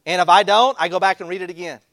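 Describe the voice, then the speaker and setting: An older man preaching a sermon in a church, telling homey stories in a folksy way that swings between loud and soft. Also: high voice, steady tone, fast talker, no echo. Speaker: pastor.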